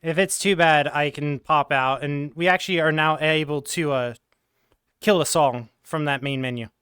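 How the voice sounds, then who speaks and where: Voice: mid-range voice, fairly even intonation, normal speed, a bit bright, clear, resonant tone, no room sound, studio quality. A streamer in casual chat, explaining game tech details and reading chat aloud into a headset mic.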